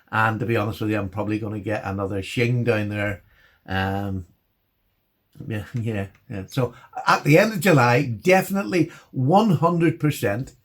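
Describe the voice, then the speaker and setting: A middle-aged man, hosting his knife channel and chatting excitably to his viewers, often restarting and laughing. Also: medium pitch. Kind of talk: casual chat to camera.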